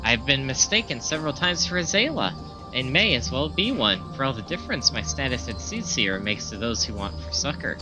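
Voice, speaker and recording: An earnest young horned leader of a forest people speaks in formal, old-fashioned phrases, as a man reads him aloud. The voice sits in a middle pitch and moves lively up and down. Clear game music plays behind. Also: a little fast, close to an everyday voice, rough recording.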